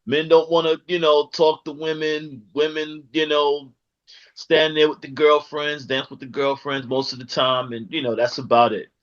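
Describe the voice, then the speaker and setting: A man's voice: on the high side, level tone, normal speed, muffled recording. A man interviewing a guest in a casual chat, rambling and searching for words.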